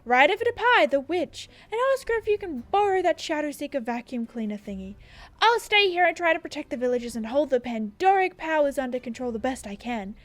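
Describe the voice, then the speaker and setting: A woman playing a panicky male village councilman with an Australian accent, melodramatic and pleading. His voice jumps high with alarm and swings widely in pitch. The sound is dry and close to the mic. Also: lively intonation, a little fast, no room sound. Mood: urgent.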